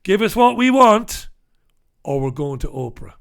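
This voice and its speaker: A man doing a rough mock-Cockney gangster voice for a young royal who makes crude threats. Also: high voice, big pitch swings, measured pace, voice pushed up, exaggerated voice. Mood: menacing. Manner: menacing, crude, shouting.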